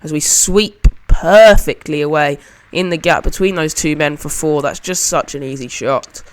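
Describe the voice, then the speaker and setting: A man with a slightly higher-than-usual voice hosts his own gaming channel. He keeps up a relaxed, chatty running commentary, describing every shot as he plays it. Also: moderate pace, a little hiss or hum. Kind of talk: casual game commentary.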